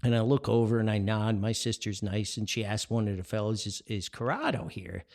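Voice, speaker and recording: An older man from New Jersey with a North Jersey accent hosts a podcast, telling a casual story animatedly, chuckling along and jumping up in pitch for quoted voices. His voice is fairly low and a little fast.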